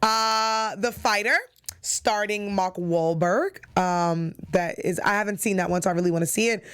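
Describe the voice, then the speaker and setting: A woman's voice: medium pitch, moderate pace, a bit bright, clean tone. Chatty woman hosting a TV recap. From New York. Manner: chatty, enthusiastic, with frequent fillers. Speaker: TV recap show host. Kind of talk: casual recap chat.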